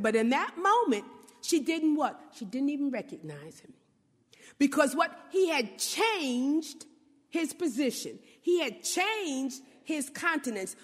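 A woman preacher giving an animated sermon, often asking her listeners rhetorical questions. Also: sits high, long reverb tail.

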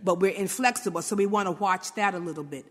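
With a medium-pitched voice and a fast pace, a woman from Brooklyn gives an informal pep talk heard with a long reverb tail. She checks in often with "right?" and acts out short quotes in a conversational way.

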